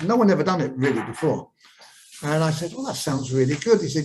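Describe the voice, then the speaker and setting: A man's voice: fairly high pitch, big pitch swings, brisk, darkish tone, a little hiss or hum, low-quality recording. An older man, a guest in an interview, telling long anecdotes with many fillers and restarts. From England. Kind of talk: storytelling interview.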